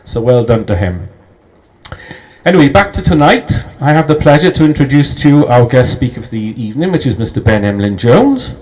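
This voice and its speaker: A man's voice: medium pitch, big pitch swings, brisk, darkish tone, low-quality recording. A man hosting a group meeting in a pub function room, formally announcing news and introducing the guest speaker. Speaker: host. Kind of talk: reading an introduction.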